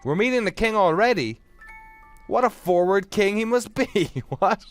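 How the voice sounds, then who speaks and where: A man's voice: high voice, lively intonation, a little slow, soft background music. A man reading a game aloud and joking, often laughing, as casual gameplay commentary. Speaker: let's player.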